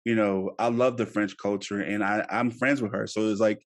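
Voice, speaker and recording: Low-voiced earnest male podcast host. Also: fairly even intonation, normal speed. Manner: earnest and encouraging, filler-heavy. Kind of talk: casual podcast chat.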